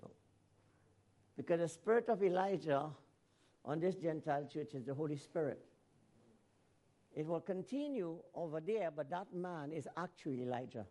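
A man preaching a sermon to a congregation. He swings from shouted emphasis to quiet asides, and he often corrects himself and repeats phrases. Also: a little high, lively intonation, moderate pace, long pauses.

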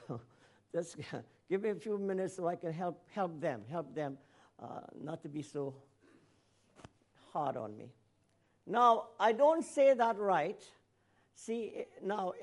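Preaching to a congregation, a high-pitched man shifts between shouted emphasis and quiet asides. He frequently corrects himself and repeats phrases.

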